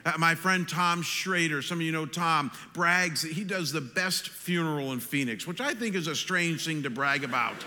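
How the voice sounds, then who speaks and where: An American man preaching a sermon as pastor, animated, climbing loud on his questions and slowing down to stress points. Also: a little high. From United States. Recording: long reverb of a large hall.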